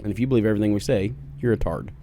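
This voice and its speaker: A man's voice: on the low side, rapid-fire, warm tone. A man co-hosting a podcast, talking in casual banter with jokes and profanity. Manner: joking, profane, rambling. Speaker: podcast co-host. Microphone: studio podcast mic.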